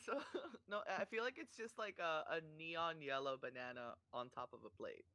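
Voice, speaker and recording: A man's voice: on the high side, sing-song, normal speed, pushed and bright, smooth. A man playing in a tabletop role-play, rambling and describing his character's actions with many fillers. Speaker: player.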